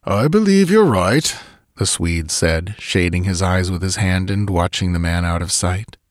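Low-voiced man reading a story, dry sound. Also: level tone, no room sound. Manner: measured, deliberate reading. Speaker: audiobook narrator. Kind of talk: scripted story narration.

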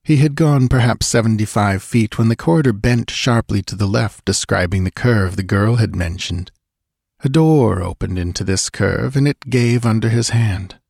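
A man narrating an adventure audiobook with measured, dramatic pacing. His voice is low and steady. The sound is dry and close, with no room echo. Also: creaky, husky. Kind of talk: scripted narration.

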